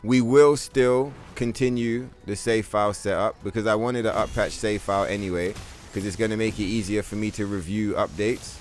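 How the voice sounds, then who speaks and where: A man streaming a video game, chatting casually with his viewers in a profane, animated rant. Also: on the low side, normal speed, faint music behind. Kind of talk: casual live-stream chat.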